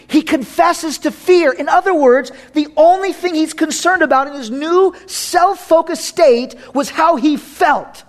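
Guy preaching a sermon, really high voice, jokey then dramatic. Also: unhurried, few pauses. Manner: preaching with jokes and sudden dramatic swings. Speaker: pastor.

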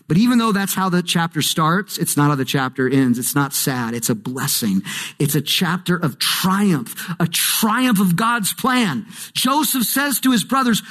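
A man preaching a sermon, reading scripture and then talking in a relaxed, joking, emphatic way. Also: high voice. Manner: conversational, jokey preaching with emphatic swings. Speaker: pastor.

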